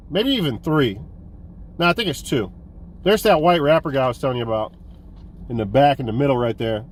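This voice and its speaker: A man hosting a casual collecting vlog, excited and rambling, swearing now and then. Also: high-pitched, slight background noise. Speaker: host of a physical media collecting vlog.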